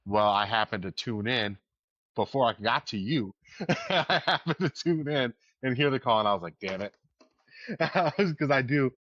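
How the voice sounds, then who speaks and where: A man's voice: mid-range voice, animated, normal speed, a bit bright. A man co-hosting a podcast, telling long rambling stories with laughs and curses in casual chat. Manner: rambling storyteller, swears, laughs often. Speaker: podcast co-host. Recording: dull dry lo-fi sound.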